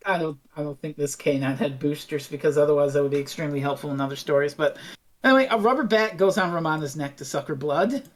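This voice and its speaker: A woman's voice: deep voice, fast. A woman co-hosting a podcast, retelling an episode in casual, sarcastic chat and acting out the quotes. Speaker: podcast co-host.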